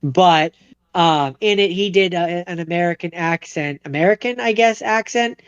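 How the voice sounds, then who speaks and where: A young man chats as a podcast co-host, stopping and restarting his sentences often. His voice is smooth and a little higher than most men's. It sounds close and dry, with a slightly dull, lo-fi tone. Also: no echo. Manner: halting, many fillers and restarts. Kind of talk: casual chat.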